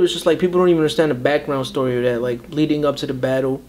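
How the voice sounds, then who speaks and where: Fast-talking young man, raised voice. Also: on the high side, slight background noise. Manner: animated storyteller, slips into mimicking others' voices. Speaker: battle rapper. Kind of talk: casual storytelling interview.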